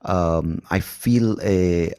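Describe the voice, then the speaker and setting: Deep-voiced Indian-accented man hosting. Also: creaky, mellow, smooth. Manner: thoughtful, halting, self-correcting. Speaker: podcast host. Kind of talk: conversational interview.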